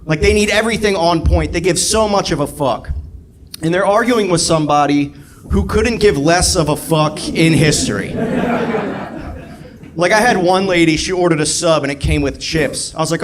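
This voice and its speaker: A man doing a stand-up set in a comedy club, deadpan at first and building to a rant. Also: a little high, normal speed, background noise. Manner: deadpan, rising to ranting. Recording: live club with crowd. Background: audience crowd.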